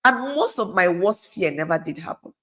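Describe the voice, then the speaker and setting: A woman's voice: fairly low pitch, lively intonation, normal speed, a bit bright. A middle-aged woman, speaking as a guest in an earnest, conversational way and repeating phrases for emphasis. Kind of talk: conversational advice talk.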